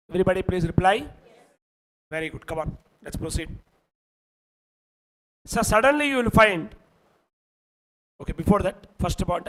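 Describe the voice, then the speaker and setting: High-voiced Indian English male lecturer. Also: poor audio. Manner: emphatic, keeps checking if students follow. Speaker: teacher. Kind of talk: online exam-prep lecture.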